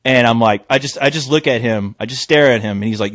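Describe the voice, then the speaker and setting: Talking fast with hardly any pauses, a mid-range-voiced podcast host launches into a story packed with swearing, animatedly performing each person's voice in a casual chat. The recording is dry, dull lo-fi.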